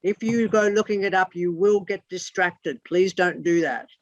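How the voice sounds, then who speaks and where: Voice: medium pitch, moderate pace, no room sound. Teacher spelling out terms, dull dry sound. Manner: spells terms out letter by letter, blunt and occasionally profane. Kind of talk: teaching an online class.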